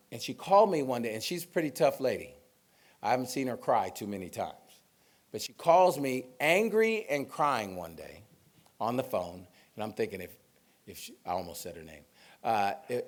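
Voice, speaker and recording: A middle-aged man from Sacramento, a police chief, telling personal stories in an informal, conversational speech to an audience. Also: mid-range voice. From Sacramento, California. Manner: storytelling, conversational with fillers and asides. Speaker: police chief giving a talk.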